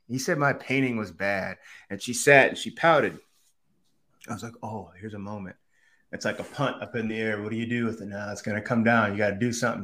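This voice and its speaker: On a relaxed podcast, a former TV analyst who now coaches quarterbacks shares lively stories as a guest. He imitates whoever he's quoting, swinging his pitch dramatically up and down.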